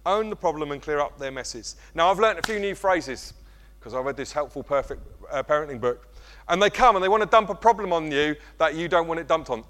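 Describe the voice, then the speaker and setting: A middle-aged man preaching a sermon, animated and self-mocking. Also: fairly high pitch, brisk. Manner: animated, self-mocking, acts out kids' voices. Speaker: pastor.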